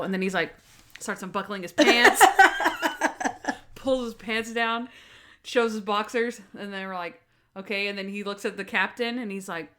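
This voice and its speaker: A woman co-hosting a casual podcast, talking at an ordinary middle pitch. She retells scenes with plenty of laughter and quick little impressions of the characters. Her tone stays chatty and relaxed. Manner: animated, laughing often, acting out quoted lines. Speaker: podcast co-host. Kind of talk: casual chat recapping a TV episode.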